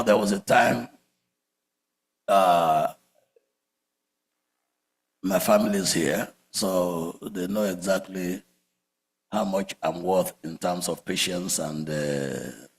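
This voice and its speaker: A man preaching a sermon, telling stories with big swings from loud outbursts to quiet murmurs. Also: low voice, creaky. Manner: animated storytelling, swings from shouts to murmurs. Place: church sanctuary. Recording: echoey church hall.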